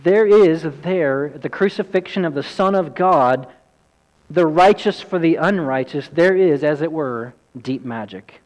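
Man, pastor, earnest sermon, fairly high voice, long hall reverb. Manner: earnest, emphatic, shifting between quick and slow.

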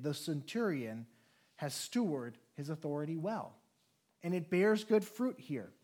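A man preaching a sermon as a pastor, earnest and measured, slowing down to lean on key phrases. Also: high voice.

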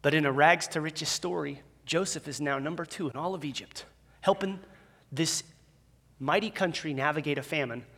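A man preaching a sermon as a pastor in a church, conversational and animated, with self-deprecating humor. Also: fairly high pitch, normal speed. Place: church sanctuary with a live audience. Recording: long reverb of a large hall.

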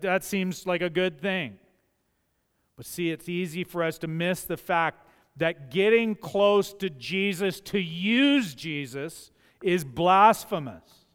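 Older male preacher, smooth resonant voice, fairly high pitch, emphatic repetition, long church reverb. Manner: emphatic, repeats key phrases for effect. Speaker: pastor. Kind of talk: sermon. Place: church sanctuary.

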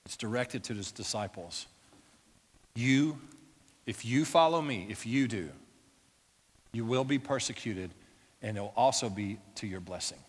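A male pastor preaching a sermon in a church, emphatic, swinging from loud declarations to hushed intensity. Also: fairly low pitch, expressive, unhurried, pauses often, husky. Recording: echoey church hall with long reverb.

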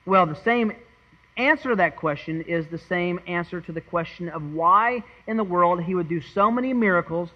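A man with a high voice preaches an earnest, dramatic sermon. He swings from loud emphasis to hushed tones, restarting words as he goes. The recording is slightly muffled and lo-fi. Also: normal speed. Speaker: pastor. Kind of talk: expository sermon.

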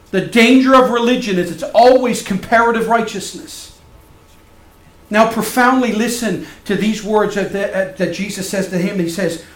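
A man preaches with a high, ringing voice that swings from loud and emphatic to soft and hushed. The sound is roomy and echoey, as in a church sanctuary. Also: moderate pace. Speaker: pastor. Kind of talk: sermon.

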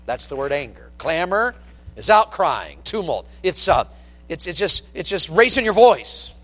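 High-voiced folksy preacher in a church hall. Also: male voice, unhurried. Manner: animated storytelling preacher, down-home and folksy. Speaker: pastor. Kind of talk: sermon. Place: church sanctuary with long reverb. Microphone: pulpit microphone.

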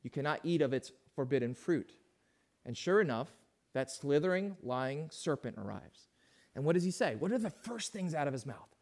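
High-voiced preacher, hushed to emphatic. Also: male voice, animated, moderate pace. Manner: asks the congregation questions, swings from hushed to emphatic. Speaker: pastor. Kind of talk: sermon.

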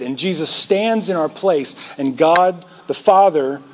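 A man preaching a sermon, animated and conversational, acting out quoted voices to make his points. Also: a little high, unhurried, slight background noise. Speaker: pastor.

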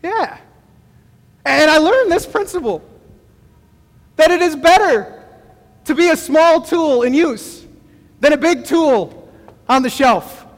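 A middle-aged male pastor delivers a sermon with a very high voice. He talks in an easygoing, conversational way and pokes fun at himself. His voice rings with the long reverb of a large hall. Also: lively intonation, takes it slowly, long pauses. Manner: conversational storytelling with self-deprecating humor.

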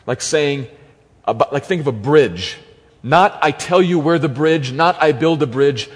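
A man's voice: fairly high pitch, a little slow, slightly rough. Emphatic male preacher in a reverberant hall. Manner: emphatic, repeating key phrases for stress. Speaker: pastor. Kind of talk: expository sermon. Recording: long reverb of a large hall.

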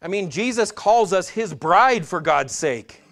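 A man's voice: high voice, animated, a little slow, creaky, a bit bright. A man preaching a sermon, earnest and direct, addressing his congregation and often restarting his phrases. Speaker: pastor.

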